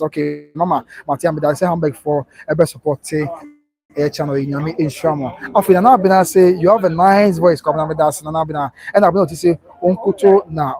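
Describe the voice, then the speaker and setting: A man's voice: fairly high pitch, darkish tone. A man with a Ghanaian accent hosting a live stream in a casual way, reading out viewers' comments and thanking them.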